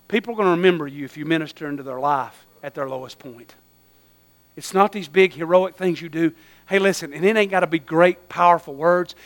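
A man preaching a sermon, swinging from hushed asides to loud, fervent cries. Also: a little high.

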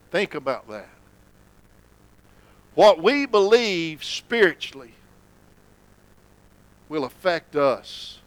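A man preaching a sermon in church, folksy and conversational, sometimes dropping to a low hush for emphasis. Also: no room sound, poor audio. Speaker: pastor.

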